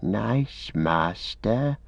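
A man's voice: lowish voice, lively intonation, drawn-out words, gravelly, no echo, heavily acted. A man voicing a wretched, starved, sly creature that hisses and wheedles, in a dull lo-fi recording. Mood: whining. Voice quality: hissing, wheedling.

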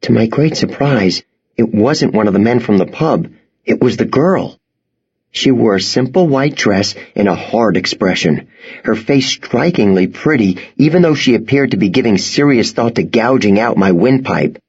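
A man narrates a first-person audiobook with a slightly husky voice and a lively, rising and falling delivery. The sound is dull and lo-fi. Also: mid-range voice, moderate pace.

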